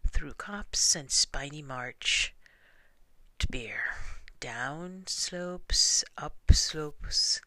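A man narrating a children's storybook slowly and softly, often sinking to a whisper. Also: mid-range voice, no room sound. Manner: slow and soft, often hushed to a whisper. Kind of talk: storybook reading.

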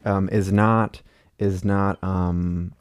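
A young man co-hosting a podcast in a loose, rambling way, padding his points with ums and false starts. His voice sits a bit low, recorded close and dry with no room sound. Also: flat delivery, extremely slow, darkish tone, no echo. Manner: rambling, lots of fillers and restarts, laughs often. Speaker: podcast co-host. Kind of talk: casual chat.

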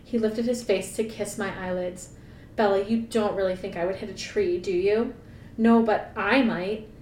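A woman's voice: steady tone, normal speed, mellow. A woman podcast co-host reading a novel aloud, breaking off for playful, sarcastic jokes. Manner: playful, laughing, sarcastic asides. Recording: echoey room, mic at a distance, faint rumble.

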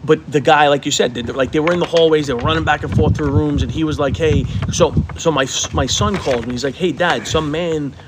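A man's voice: a little high, fairly quick, few pauses, background noise. Rambling, cursing man in his forties. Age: 40s. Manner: rambling storyteller, swears a lot, acts out quotes loudly. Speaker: podcast co-host. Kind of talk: casual chat.

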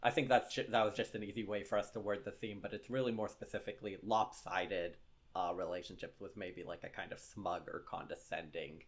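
Podcast co-host, young man, low-pitched, wry and halting, lots of ums. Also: fairly even intonation. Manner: joking, self-deprecating, halting with fillers. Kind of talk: casual podcast chat.

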